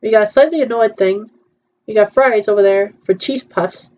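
A woman's voice: medium pitch, normal speed, darkish tone, muffled recording. A woman chatting casually through a virtual theme-park tour, hesitant and playful, with frequent ums.

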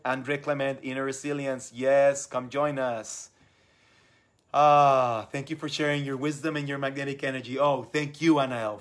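A young adult man hosting a live stream, reading out viewer comments and talking with effusive, enthusiastic warmth. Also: medium pitch. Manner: enthusiastic, effusive, repeats words. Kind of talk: casual live stream talk.

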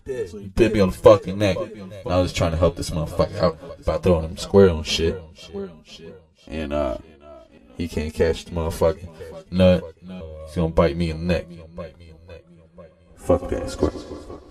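A man telling an absurd comic story in a laid-back, profane, rambling deadpan way. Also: low-pitched.

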